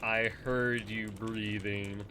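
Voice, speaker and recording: A man giving live commentary while playing a game, excitable and quick to laugh, jumping to shouts when startled. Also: on the low side, a little hiss or hum. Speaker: game streamer.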